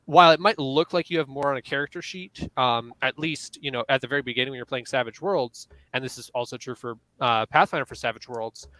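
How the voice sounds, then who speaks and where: Bright-voiced man moderating a panel. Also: mid-range voice, fairly quick, hardly any pauses, no room sound, low-quality recording. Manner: explanatory, thinking aloud with restarts. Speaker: panel moderator and game master. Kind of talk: casual panel discussion.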